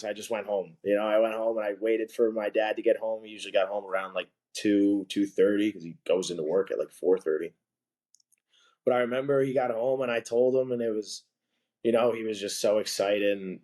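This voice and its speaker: A man speaking as a podcast guest, his voice sitting a little low for a man. He tells his stories in a loose, chatty way, full of filler words. Quick laughs break up his phrases. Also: darkish tone. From from a blue-collar family. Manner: loose and chatty, heavy with "like" and "you know", laughs between phrases. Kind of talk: casual storytelling in conversation.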